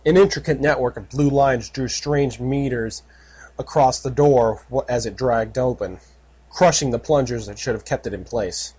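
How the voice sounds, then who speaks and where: A man narrating a fan fiction audiobook in a steady, measured way. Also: medium pitch, breathy edge.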